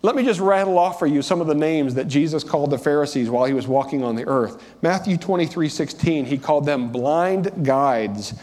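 A man preaching a sermon from the pulpit, with a slightly higher-pitched voice. He talks in a conversational way and rises sharply on the words he stresses. The sound carries the long reverb of a church hall. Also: expressive, fairly quick, hardly any pauses, a little mellow. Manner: conversational preaching, rising for emphasis. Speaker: pastor. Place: church sanctuary.

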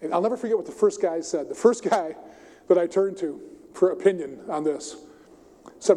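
A man's voice: high-pitched, normal speed. A middle-aged male pastor preaching a sermon, telling stories animatedly and acting out the characters. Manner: storytelling, animated, acts out the characters. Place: church sanctuary. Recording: long reverb of a church hall.

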